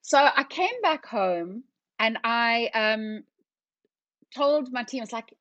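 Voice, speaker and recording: A woman's voice: a little high, takes it slowly, no echo, muffled recording. A middle-aged woman, a company founder telling her story as a podcast guest and acting out the conversations. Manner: lively storyteller who acts out conversations. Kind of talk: casual storytelling interview.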